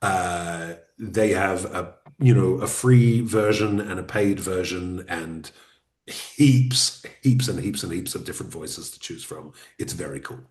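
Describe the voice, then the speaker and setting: A man as guest on an online webinar interview, explaining podcasting in a relaxed, practical way. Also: deep voice, unhurried, reverberant. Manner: relaxed, explanatory advice-giving.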